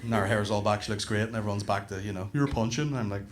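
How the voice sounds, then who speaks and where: A man's voice: fairly low pitch, fast, a crowd in the background. A man in his thirties with a Northern Irish accent, doing a stand-up comedy set on a comedy club stage and telling stories with plenty of swearing. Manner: swearing, animated storytelling.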